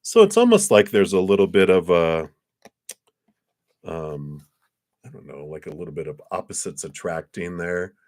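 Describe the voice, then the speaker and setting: Tarot reader, male, very low voice, gentle and reassuring, keeps clearing his throat. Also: big pitch swings, moderate pace, long pauses. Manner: gentle, reassuring, with soft laughs and asides. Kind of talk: live-stream tarot reading.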